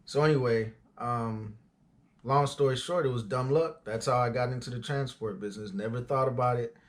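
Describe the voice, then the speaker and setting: A man's voice: mid-range voice, normal speed. Casual forty-year-old man telling his story. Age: 40s. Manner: loose and conversational, frequent fillers and asides. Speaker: auto transport business owner.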